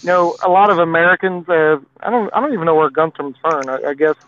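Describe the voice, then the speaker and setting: A man's voice: on the high side, quick pace, a bit bright, no echo. A man from Texas rambling in a casual chat, with many fillers. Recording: tinny phone-like line.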